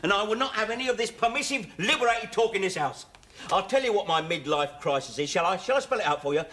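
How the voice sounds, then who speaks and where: Sitcom, 1970s: wisecracking middle-aged ex-lag, higher-pitched, teasing. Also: male voice, animated, fast, pushed and bright. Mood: wry, bantering. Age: 40s. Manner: sardonic, teasing banter. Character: wry wisecracking middle-aged ex-con father. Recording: noisy 1970s TV soundtrack.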